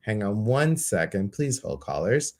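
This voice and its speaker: A man's voice: fairly low pitch, sing-song, a little slow, a little mellow. A man hosting a casual live-stream chat, effusive and rambling, full of fillers. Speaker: host.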